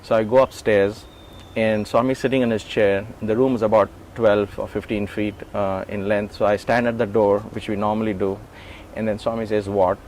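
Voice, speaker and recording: A man's voice: fairly low pitch, normal speed, slight background noise, low-quality recording. A middle-aged man in an interview, recalling his years as an assistant and acting out the dialogue as he tells it. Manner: animated, acts out quoted dialogue. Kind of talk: conversational storytelling interview.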